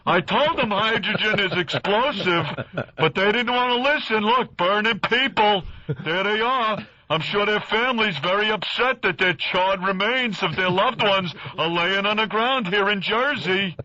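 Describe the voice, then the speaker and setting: A man doing a gloomy, smug know-it-all who narrates disaster after disaster in an I-told-you-so tone. His voice sits high and bright, close and dry. It comes through dull radio broadcast audio. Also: measured pace, no echo. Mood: mock reporting.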